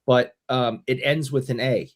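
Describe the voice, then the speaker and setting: A man's voice: mid-range voice, fairly even intonation, measured pace. A man with a Boston accent chatting on a podcast, joking in a mock-defensive way. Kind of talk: casual podcast chat.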